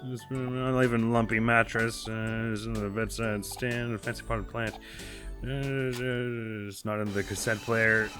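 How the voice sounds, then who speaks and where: A man's voice: on the low side, flat delivery, a little slow, over music. A man giving chatty, wry commentary while he plays a video game, thinking aloud as he goes. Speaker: let's play host. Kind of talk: casual gameplay commentary.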